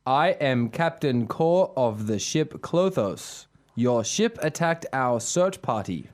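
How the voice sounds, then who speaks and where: A man acting as a fan playing a Klingon captain in a short classroom sketch, speaking stiffly and slowly in a voice that is not deep enough. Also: lively intonation.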